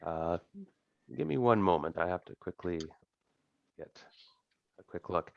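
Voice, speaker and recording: A man with a very low voice runs a tabletop game as game master, narrating in a relaxed, rambling way. The sound is dry and dull, like a computer mic on an online call. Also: normal speed, creaky, long pauses, dry recording.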